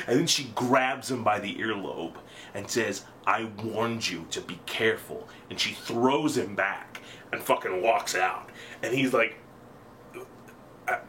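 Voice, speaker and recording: Young man, casual story recap, animated, profane, rambling, lively pitch. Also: a little hiss or hum.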